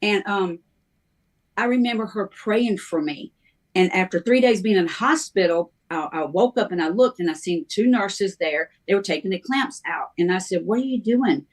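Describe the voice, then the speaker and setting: A middle-aged woman, a minister, telling her life story in a halting, conversational way, with many ums and restarts. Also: mid-range voice. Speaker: guest minister sharing her testimony.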